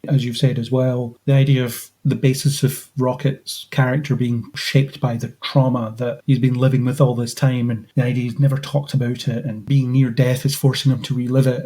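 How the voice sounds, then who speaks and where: A man co-hosting a podcast, discussing a film in a measured, analytical way. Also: medium pitch, mellow. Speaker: podcast co-host.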